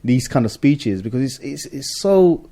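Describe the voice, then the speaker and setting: Man, mid voice, radio co-host, halting, repeats words, current affairs chat. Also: mid-range voice, expressive, warm tone. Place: radio studio.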